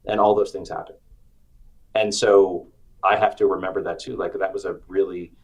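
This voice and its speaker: A middle-aged man, an author being interviewed, telling personal stories with animated acted-out quotes. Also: deep voice, moderate pace, poor audio. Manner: animated storyteller, acts out quotes. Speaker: author and guest. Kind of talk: storytelling interview chat.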